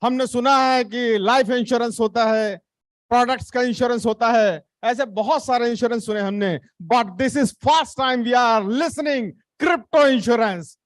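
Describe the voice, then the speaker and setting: Very high-voiced male event host. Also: racing, no echo. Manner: enthusiastic, switching between English and Hindi. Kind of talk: live event hosting.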